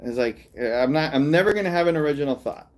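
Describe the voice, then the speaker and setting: A man's voice: a little high, lively intonation, quick pace. A male artist and comedian in casual livestream chat, rambling and mocking, with frequent laughs.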